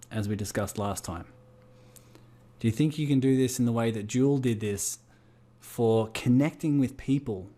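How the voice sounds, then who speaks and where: A man's voice: mid-range voice, dark tone. Australian man coaching a group. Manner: fires rhetorical questions at the group. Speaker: business coach.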